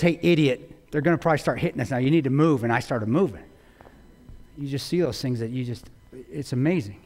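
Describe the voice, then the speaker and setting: A man giving a talk to an audience, telling a war story with intensity, swinging between loud bursts and hushed low lines. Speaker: guest speaker. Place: large auditorium. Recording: long hall reverb.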